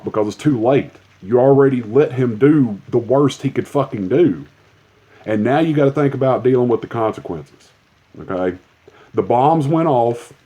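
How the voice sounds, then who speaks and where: Angry profane man ranting, mellow voice. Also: medium pitch. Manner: profane, heated, emphatic. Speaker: commentator. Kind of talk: angry political rant.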